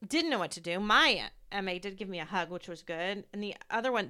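A woman's voice: mid-range voice, animated, brisk, sharp tone, slight background noise. A woman who works in medicine, hosting a candid conversation about grief, telling stories with heartfelt feeling and acting out what others said. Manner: heartfelt, storytelling, acts out quoted voices. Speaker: medical provider.

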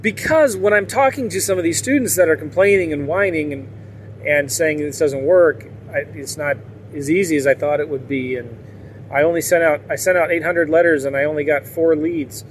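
A man's voice: a little high, moderate pace, slight background noise. A man talking casually and candidly to his viewers in a rambling way, with frequent laughs. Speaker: vlogger.

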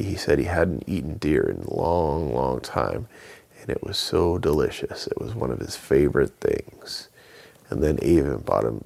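A deep-voiced man telling a bedtime story, his voice gravelly and husky. He takes his time, and his pitch swings widely as he tells it. The delivery is plain storybook narration.

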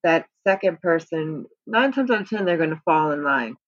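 A woman's voice: deep voice, lively intonation, normal speed, no echo, dull audio. A woman co-hosting a weight-loss program podcast, chatting casually and rambling a little with restarts and "you know what I mean".

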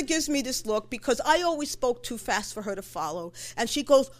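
A middle-aged woman tells a story from her own life. Her voice sits a little high. She talks conversationally, with fillers and quick self-corrections. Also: animated. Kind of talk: live personal storytelling.

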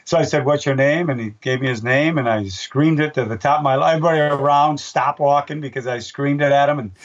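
An older man at a middle pitch tells stories in a loose, rambling way, restarting sentences and slipping into the voices of people in his anecdotes. He sounds set back from the mic, and the recording has a dull, muffled tone. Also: distant mic. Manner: rambling, with many restarts and fillers. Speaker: race announcer. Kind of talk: casual interview storytelling.

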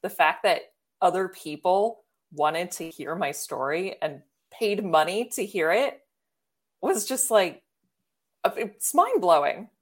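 Animated woman telling a story, lowish voice. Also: takes it slowly. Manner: animated, laughs often. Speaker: podcast guest, author. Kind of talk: casual chat, storytelling.

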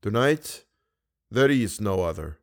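A man voicing a grave, cautious older Persian guide with a Persian accent, speaking in a low, measured, hushed way in an audiobook reading. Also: lively intonation, lightly acted.

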